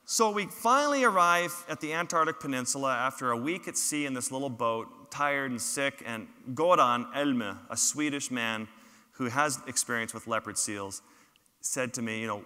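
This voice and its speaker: In a reverberant large lecture hall, a photographer gives a public storytelling talk with slides, recounting his field stories with funny, self-deprecating asides. His medium-pitched voice is fairly quick, pushed and bright, yet smooth.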